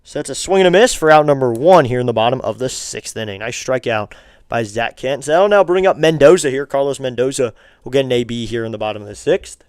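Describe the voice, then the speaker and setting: A man's voice: medium pitch, animated, fast talker, a little mellow, smooth, no room sound, clean studio sound. A man doing casual play-by-play of a baseball game for a live stream, chatting with viewers and asking them for likes and subs.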